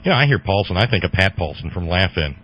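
A man's voice: low-pitched, very animated, fast, husky, lo-fi sound. Sarcastic, rambling male radio host. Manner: rambling, with many restarts and fillers; sarcastic, loud mocking outbursts. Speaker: radio talk show host. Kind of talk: casual political monologue.

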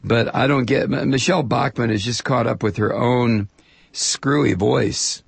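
Gravelly dude radio host, blunt and sarcastic, dry studio sound. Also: male voice, mid-range voice, fairly even intonation, no room sound. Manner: blunt, sardonic, halting restarts. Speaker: radio talk show host. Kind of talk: political talk radio banter.

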